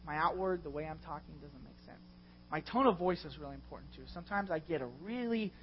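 A middle-aged man preaching a sermon as a pastor, passionate and confessional, with loud swells. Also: on the high side, fast, highs cut off, a little hiss or hum. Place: church.

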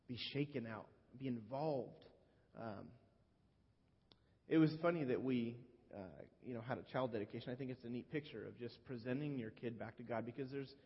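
A man preaching a sermon in a relaxed, conversational way, often restarting his sentences. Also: medium pitch, husky. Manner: conversational, with frequent restarts and fillers. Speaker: pastor. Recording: dull lo-fi recording in a reverberant hall.

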